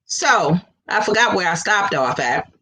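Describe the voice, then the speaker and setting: A woman's voice: medium pitch, sing-song, unhurried, pushed and bright, rough recording. A woman co-hosting a casual religious talk show over a video call, chatty and laughing often. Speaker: co-host.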